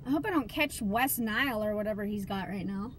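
A woman's voice: mid-range voice, a little fast, a bit bright, slight background noise. A woman, a mother, chatting casually and teasing her son on a live stream, giggling often. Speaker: mother demonstrating nail polish on a live stream.

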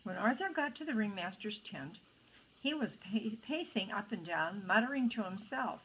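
A woman's voice: medium pitch, animated, moderate pace, a bit bright, a little hiss or hum, rough recording. An older woman reading a picture book aloud to children, adding chatty asides to the listeners. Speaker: storytime reader.

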